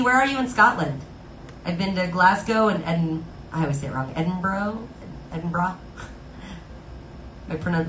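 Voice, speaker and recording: A woman's voice: lowish voice, a bit bright, roomy sound, slight background noise, rough recording. A woman live-streaming from home, chatting casually with her viewers in a bubbly way, full of "like" fillers. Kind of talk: casual chat with viewers between songs. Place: Los Angeles home.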